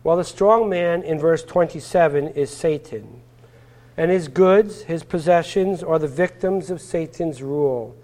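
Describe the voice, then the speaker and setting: High-voiced man preaching a sermon. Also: unhurried, a little mellow. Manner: expository Bible teaching with rhetorical questions and frequent fillers.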